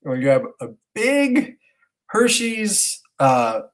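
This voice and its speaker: A man in his thirties, a podcast co-host, telling a rambling and animated story in casual chat with some swearing. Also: high voice, slow, rough recording. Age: 30s.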